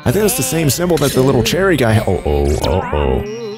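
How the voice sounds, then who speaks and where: Let's-play gamer, male, very excitable, pitch leaps all over, game music underneath. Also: brisk. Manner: excitable, reacting loudly and laughing often. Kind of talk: gameplay commentary.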